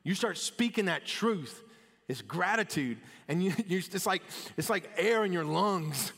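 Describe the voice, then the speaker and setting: A male pastor giving a conversational sermon, his voice moving between quiet, soft passages and louder, lifted ones. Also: high voice, expressive, a little slow, long reverb tail.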